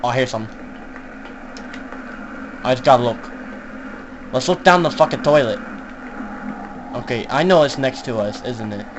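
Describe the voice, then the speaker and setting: A young man giving casual, joking commentary while playing an online horror game, swearing and laughing often and shouting when startled. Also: medium pitch, normal speed, pauses often, dull audio, noisy background. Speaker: gaming YouTuber. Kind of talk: casual let's-play commentary.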